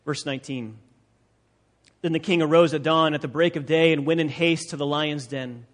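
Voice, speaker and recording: A man's voice: fairly high pitch, fairly even intonation, normal speed. A male pastor preaching an expository sermon, emphatic and repeating phrases for stress, recorded in a church sanctuary. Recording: long reverb of a large hall.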